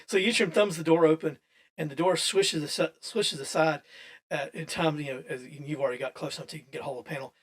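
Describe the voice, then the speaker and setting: A man's voice: on the high side, steady tone, fast. A man running a tabletop role-playing session as game master, narrating in a loose, chatty way with frequent restarts and laughs.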